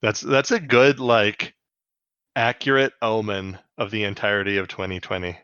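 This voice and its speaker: A man's voice: lowish voice, fairly even intonation, moderate pace, bright, forceful tone, clear, resonant tone, no echo, muffled recording. A man co-hosting a podcast in casual chat, joking, swearing freely and acting out quotes. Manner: laughs often, swears freely, acts out quotes. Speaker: podcast co-host. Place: home, on the US West Coast.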